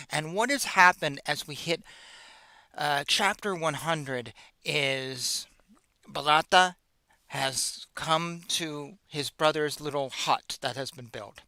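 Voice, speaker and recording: A man's voice: fairly high pitch, bright, forceful tone, no echo. A man hosting a show, retelling an ancient epic in a casual, slangy, joking way. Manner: slangy, joking, with playful asides. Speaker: host. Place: in America.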